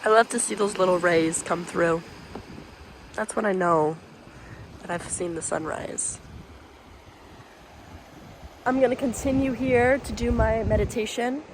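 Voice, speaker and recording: Woman chatting away in her vlog, playful, talking to her dog, noisy phone audio outside. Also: mid-range voice. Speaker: vlogger. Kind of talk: casual vlog narration. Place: outdoors on a seaside cliff.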